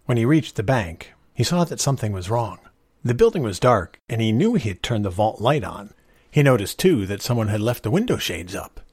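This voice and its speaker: Male storyteller, deep and animated delivery, close dry sound. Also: brisk, slightly rough, dry recording. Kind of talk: storybook narration.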